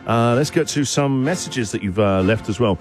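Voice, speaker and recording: A man's voice: medium pitch, animated, normal speed, music in the background. A man hosting a breakfast radio show, reading listener messages in a jokey, bantering way. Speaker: radio host. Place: radio studio.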